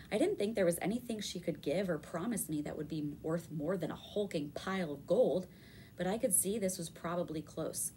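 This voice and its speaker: Brief: low-voiced woman reading a kids' book aloud, faint background hiss. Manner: expressive storytelling. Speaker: reader. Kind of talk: reading a children's novel aloud.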